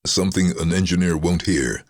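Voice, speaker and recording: A man with an extremely low baritone and a husky grain to his speech. He is a middle-aged voice-over artist chatting in an interview, telling lively stories and acting out the people he quotes. The sound is dry, with no room echo. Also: fairly quick. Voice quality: deep baritone. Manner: storytelling, animated, acts out quoted voices. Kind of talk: casual interview over remote call.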